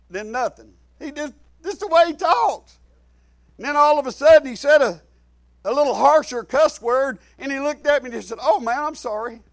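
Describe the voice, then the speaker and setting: High-voiced preacher, folksy and loud. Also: male voice, dry recording. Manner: folksy, repetitive, with sudden shouted emphasis. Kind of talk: sermon.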